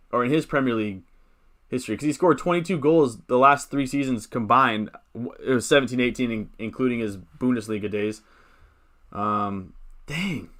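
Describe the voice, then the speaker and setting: A young man hosts a casual live stream, chatting loosely and drifting off on tangents. His voice sits at an ordinary middle pitch. Now and then he stops to read out comments from his viewers and answer them. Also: fairly bright tone. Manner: rambling, chats with viewers, reads out comments.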